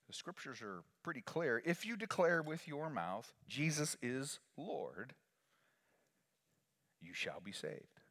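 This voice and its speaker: A man preaching a sermon as pastor, swinging from hushed lines to loud calls for the congregation to repeat after him. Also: medium pitch, sing-song, slow pace. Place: church sanctuary. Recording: long reverb of a large hall.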